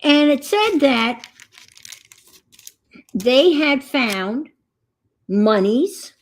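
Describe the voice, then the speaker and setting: Middle-aged lady crafting and chatting, slow rambly talk, gravelly husky voice. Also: high voice, big pitch swings. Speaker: crafting vlogger. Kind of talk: casual chat while crafting on stream.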